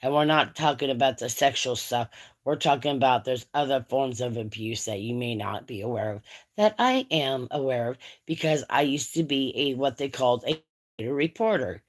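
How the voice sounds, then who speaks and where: A woman's voice: a bass voice, moderate pace. A tired, yawning woman hosting a livestream, chatting casually and bluntly to her viewers. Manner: blunt, chatty, talks straight to the audience. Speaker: livestream host.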